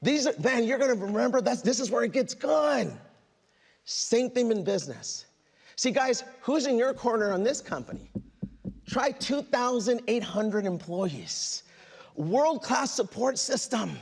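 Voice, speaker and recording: A man giving an energetic motivational speech at a business meeting, telling stories and calling out to the crowd as "guys". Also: very high voice, measured pace, vocal fry, breathy edge. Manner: animated storytelling, addresses crowd as "guys", acts out quotes. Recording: reverberant hall.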